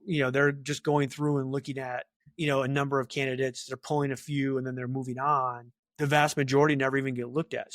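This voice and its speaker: A middle-aged man speaking as a guest in a casual interview, chatty and animated, full of fillers and asides. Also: medium pitch, no echo, clean studio sound. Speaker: talent acquisition leader, guest.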